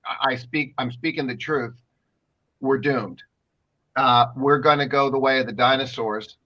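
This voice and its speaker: A man's voice: medium pitch, fairly even intonation, unhurried. Emphatic rambling man, lo-fi sound. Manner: emphatic, rambling, repeats himself. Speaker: co-host. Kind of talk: casual commentary talk show.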